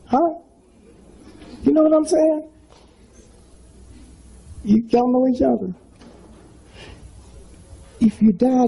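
Very high-pitched but dark in tone and creaky, this comedian in his seventies is animated yet takes it slowly, pausing often. His live stand-up storytelling is folksy and rambling, full of asides like "huh?" and "you know what I'm saying?" It's a rough recording with slight background noise.

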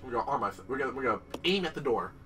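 A young man commentating his gameplay, excitable and profane, talking straight to the game and its characters. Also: medium pitch, rapid-fire, recorded from a distance. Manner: excitable, swears a lot, talks to the game and its characters. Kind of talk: let's play commentary.

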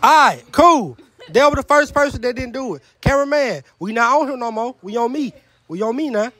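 A man with a high voice hosts a truth or dare game in a room at a house party. He is loud and joking, swears freely and often stumbles over his words. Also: animated, fairly quick. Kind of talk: casual party chat.

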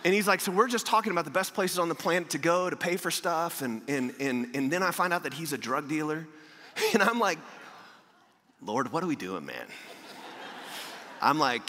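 A man preaching a sermon as a pastor, telling a story in a lively way and acting out the people in it. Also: fairly high pitch, a little fast. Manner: animated storyteller, acting out dialogue. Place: large church hall. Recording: echoey church hall.

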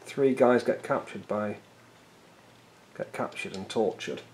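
A low-voiced man trades jokes while painting miniatures, rambling and poking fun at himself. A faint hiss sits behind his voice. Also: slow, darkish tone, poor audio. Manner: joking, rambling, self-deprecating. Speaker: miniature painting channel host. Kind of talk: casual banter while painting.

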